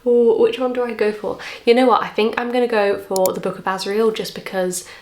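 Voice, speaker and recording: Young English woman, bubbly vlogger chatter, roomy sound. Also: medium pitch. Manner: chatty and excitable, quick asides. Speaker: book vlogger. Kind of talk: casual chat to camera. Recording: echoey room.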